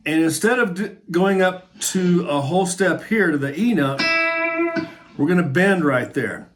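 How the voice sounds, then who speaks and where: A man's voice: high-pitched, animated, measured pace. A middle-aged man giving a casual guitar lesson, talking in a friendly, encouraging way and thinking aloud as he shows the moves. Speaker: guitar teacher. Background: guitar playing.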